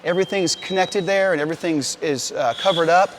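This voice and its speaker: Slightly high-voiced firefighter talking to kids. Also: male voice, brisk, slight background noise. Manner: patient, plain, talks straight to kids. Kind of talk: explaining gear to children.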